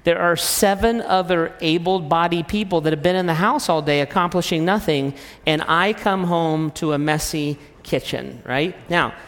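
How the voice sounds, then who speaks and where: A man with a high speaking voice gives a loose, joking talk to a crowd. He pokes fun at himself as he goes. His voice trails off into a long hall reverb. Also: a bit bright. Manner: conversational, self-deprecating, jokey. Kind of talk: humorous sermon-style talk.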